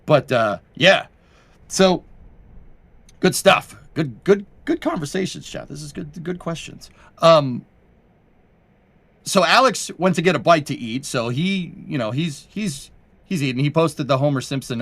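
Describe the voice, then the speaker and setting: A man's voice: on the high side, lively intonation, unhurried, a bit bright, no room sound. Chatty male livestream host. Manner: rambling, self-correcting, chatty. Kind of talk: casual livestream chat.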